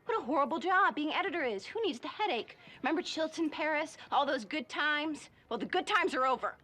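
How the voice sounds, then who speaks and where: A woman's voice: sits high, lively intonation, brisk, bright, forceful tone. A young woman playing a bitter, sardonic ex-friend who talks down to her rival in a theatrical manner. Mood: scornful. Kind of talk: TV comedy-drama acting.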